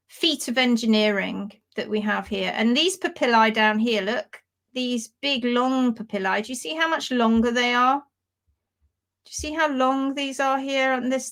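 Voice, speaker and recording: A woman teaching hoof care in a live demonstration, explaining with animated, playful storytelling. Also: on the high side, a little slow.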